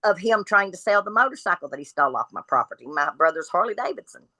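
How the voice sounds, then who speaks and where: Lady telling her story straight, blunt, lower voice with a punchy edge, acts out everybody's lines. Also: fast talker, dry recording, rough recording. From Kentucky. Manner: blunt, animated retelling of dialogue. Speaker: guest.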